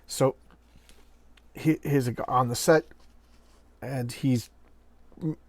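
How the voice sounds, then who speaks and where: A man's voice: medium pitch, steady tone, takes it slowly, vocal fry, no echo. A middle-aged man casually talking through an old comic book, acting out dialogue in little bursts and correcting himself as he goes. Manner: chatty, acts out comic dialogue in bits, self-correcting. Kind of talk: casual show-and-tell chat.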